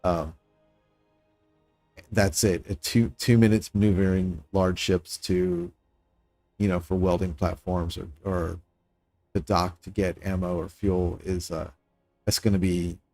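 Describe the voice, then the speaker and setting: A man with a low, dark voice offers casual commentary while streaming a building game, speaking at a measured pace with little pitch movement and long pauses. Musing and self-critical, he thinks aloud about his designs and addresses chat viewers now and then. There's no echo, and faint music plays behind him.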